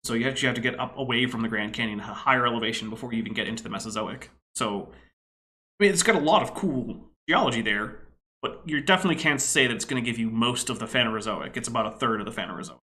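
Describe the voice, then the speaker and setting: A man with a bright, forceful tone talks casually from home, rambling through explanations. He is knowledgeable but leans on plenty of ums and likes. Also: mid-range voice, fast. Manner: rambling, knowledgeable, filler-heavy. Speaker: co-host reacting to a video. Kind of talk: casual commentary. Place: home room.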